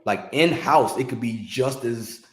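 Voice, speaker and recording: A man, a longtime record promotion rep, telling stories in a casual interview in an animated, slangy way. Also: medium pitch, measured pace, echoey room. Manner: animated, slangy, restarts when excited.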